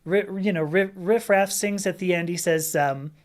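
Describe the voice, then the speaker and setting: A woman's voice: fairly low pitch, moderate pace. A woman hosting a casual livestream, answering viewer questions in a rambling, chatty way and often breaking into laughter. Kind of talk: casual chat.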